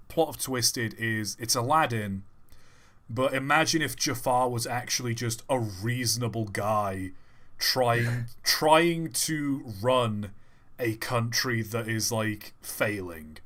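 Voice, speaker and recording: A young man chatting casually on a livestream, rambling and enthusiastic and often breaking off mid-thought. His pitch and pace sit right in the middle. He talks into a desk microphone. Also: slow pace, a bit bright. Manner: rambling, enthusiastic, self-interrupting. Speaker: livestream co-host.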